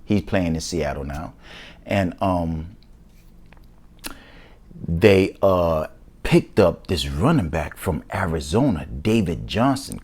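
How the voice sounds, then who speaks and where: A man hosting his own football talk show, excited and slangy in a casual commentary style. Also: low-pitched, husky.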